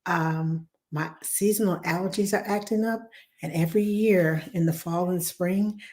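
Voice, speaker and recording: A woman, hoarse from laryngitis, chatting warmly as she hosts a live cooking demo and greets viewers by name. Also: on the low side, steady tone, moderate pace. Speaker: cooking show host.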